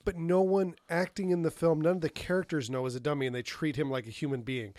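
A man's voice: fairly high pitch, fairly even intonation, fast, a little mellow, dry recording. A man co-hosting a podcast, asking questions about a film in an easygoing, casual way. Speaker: podcast co-host. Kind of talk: casual chat.

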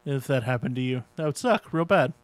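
A man's voice: medium pitch, expressive, brisk, no room sound, low-quality recording. A man co-hosting a casual chat, trading dry wisecracks and correcting the others on details.

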